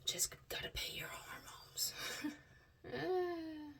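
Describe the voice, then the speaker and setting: A woman vlogging to her viewers, reciting affirmations, dropping to hushed murmurs and rising to loud excited bursts, often laughing. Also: high-pitched, slow pace, in a whisper. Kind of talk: personal vlog with affirmations.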